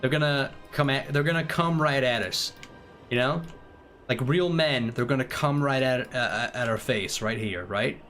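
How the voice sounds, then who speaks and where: A man's voice: medium pitch, moderate pace, a bit bright, faint music behind. A British man live-streaming a strategy game, rambling and joking with chat while giving tactics. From United Kingdom. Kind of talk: casual live-stream commentary.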